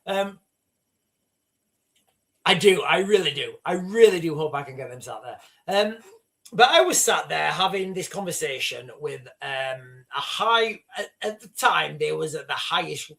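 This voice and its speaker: Fast-talking northern English man, lively pitch. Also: creaky. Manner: fast, rambling, many restarts. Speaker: livestream host. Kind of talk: casual political commentary.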